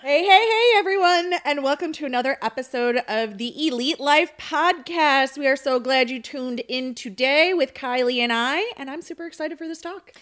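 A woman's voice: sits high, animated, normal speed, few pauses, a bit bright. A woman hosting a podcast, upbeat and friendly in casual chat. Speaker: podcast host.

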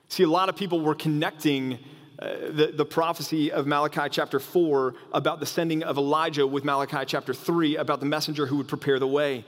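A pastor with a fairly high voice delivers a lively sermon, stumbling over and restarting his phrases as he goes. His words ring out with a long reverb, as if in a big church sanctuary. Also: normal speed. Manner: animated, acts out quoted voices, frequent restarts.

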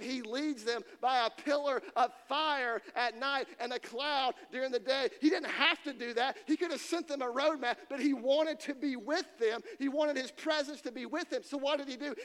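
A man's voice: very high-pitched, a bit bright. A man preaching a sermon to students, emphatic and repeating key phrases for weight. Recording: long reverb in a hall.

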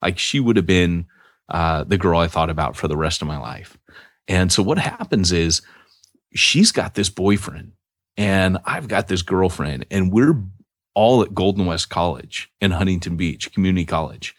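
A man's voice: low voice, normal speed, no echo, studio quality. A middle-aged man, a podcast co-host, telling a long personal story in a casual, rambling way with lots of restarts.

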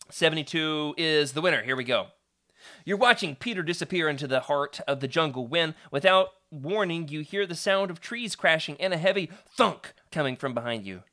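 Animated man reading to a live chat. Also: mid-range voice. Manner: chatty and playful, animated storybook reading. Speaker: live stream host. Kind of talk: reading a choose-your-own-adventure book aloud to a live chat.

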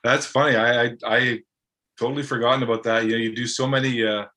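A man with a bright, clear voice, speaking as an interview guest. He wanders through fond anecdotes with plenty of ums and restarts. He keeps an easy, conversational tone throughout. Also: medium pitch, level tone, fast. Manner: rambling, fond anecdotes with many fillers. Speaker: guest, former broadcaster. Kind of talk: casual interview chat.

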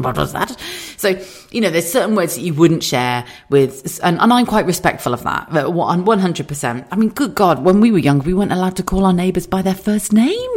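Animated, giggly woman. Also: low-pitched. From southern England. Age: middle-aged. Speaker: podcast host. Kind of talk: casual storytelling monologue.

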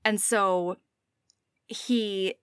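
A woman's voice: mid-range voice, steady tone, drawn-out words, clean tone, dry recording, clean studio sound. A woman co-hosting a casual chat, giggling as she retells a story with acted quotes. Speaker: podcast co-host.

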